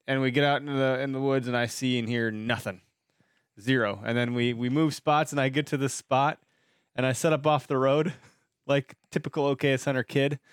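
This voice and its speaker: A man's voice: medium pitch, vocal fry, no room sound, clean studio sound. Rambling, joking male podcast host. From Wisconsin. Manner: rambling storyteller, swears casually. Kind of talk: casual chat.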